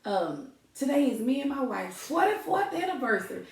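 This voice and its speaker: A woman co-hosting a podcast, telling stories in a casual, animated way and calling her listeners y'all. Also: high-pitched, normal speed. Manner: animated, laughs often, addresses listeners as y'all. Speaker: podcast co-host. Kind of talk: casual storytelling chat. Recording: echoey room, distant mic.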